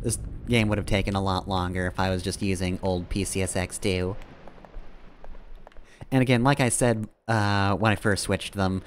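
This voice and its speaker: A man's voice: low voice, fairly even intonation, normal speed, slight background noise. A man streaming a game, giving rambling, casual commentary, often correcting himself and chuckling.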